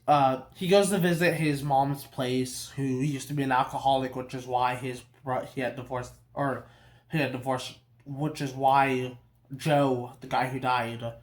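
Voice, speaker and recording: A young adult reviewing a film in a casual rant, swearing a lot, exasperated and rambling with frequent restarts. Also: medium pitch. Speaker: movie reviewer.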